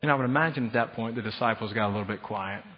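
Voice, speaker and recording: In a large church hall with long, trailing reverb, a husky male pastor races through his sermon in a voice on the low side. He's animated, imitating other people's voices to drive his point home, and the audio is slightly dull.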